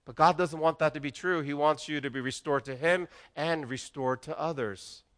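A man's voice: on the high side, steady tone, normal speed, a bit bright. A middle-aged man preaching a sermon as pastor, earnest and conversational, often restarting his phrases.

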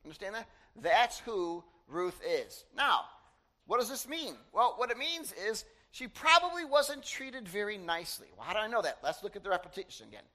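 Animated high-voiced male preacher. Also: moderate pace. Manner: conversational and animated, with asides to the congregation. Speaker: pastor. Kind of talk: sermon.

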